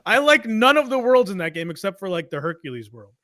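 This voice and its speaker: A man's voice: high voice, very animated, fast talker, pushed and bright. A man in his thirties, a podcast co-host, talking in crude casual chat, profane and laughing often. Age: 30s.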